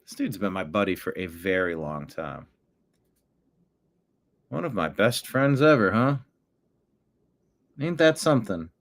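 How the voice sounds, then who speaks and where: A man's voice: low-pitched, animated, a little slow, pauses often. A man hosting a casual online commentary show from his home desk, chatting and talking to his cat between stories. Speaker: host.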